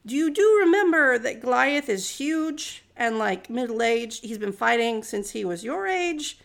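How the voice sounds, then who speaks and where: A woman's voice: a little high, animated, a little slow, creaky. A woman voicing a doubtful, fussy king in a casual story retelling. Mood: skeptical. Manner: skeptical, fussy. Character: doubtful middle-aged king.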